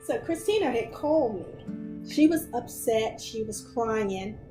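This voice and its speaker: A woman retells what happened to her friend in a podcast interview, taking her time over each phrase. Her voice sits at a middle pitch and sounds roomy and echoey. Music plays clearly behind her. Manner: slow, steady retelling. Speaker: friend of the guest.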